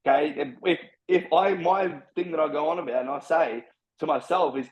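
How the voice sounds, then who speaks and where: A man's voice: a little high, moderate pace, low-quality recording. A man in casual chat, talking bluntly and swearing heavily in a preachy way. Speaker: podcast guest.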